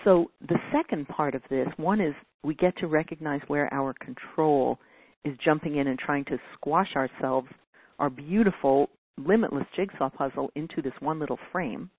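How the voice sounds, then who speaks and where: A woman's voice: low-pitched, normal speed, husky, dry recording. A woman giving a teaching talk, answering a caller's question in an earnest way and now and then acting out whiny quoted voices. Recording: dry phone-like audio.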